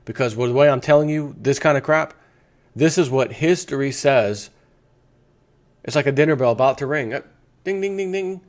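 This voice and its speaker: A man's voice: mid-range voice, moderate pace, long pauses. A man delivering a combative political rant as a vlogger, firing off rhetorical questions and rambling through crude asides. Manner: mocking, slips into sarcastic quoted voices. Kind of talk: ranting opinion monologue.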